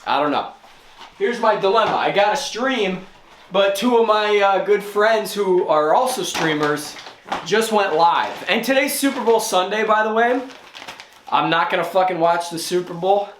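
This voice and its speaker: Catching his breath, the home vlogger keeps talking to camera about his day, easygoing, poking fun at himself and occasionally swearing. His high-pitched voice is a bit bright and moderately paced, recorded in an echoey room with faint noise.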